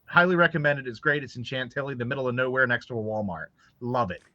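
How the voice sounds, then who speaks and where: A man who sells his books at conventions, telling stories as a lively, animated storyteller in casual podcast chat. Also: mid-range voice, fast, no echo. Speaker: author selling at conventions. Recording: dry, slightly dull audio.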